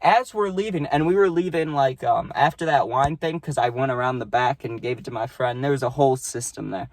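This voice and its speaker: A man's voice: medium pitch, a little fast, dry recording. A young man telling a party story in a loose, rambling way, swearing a lot and tagging lines with "right?". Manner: profane, rambling, peppered with "right?". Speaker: storytime vlogger. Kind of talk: casual storytelling.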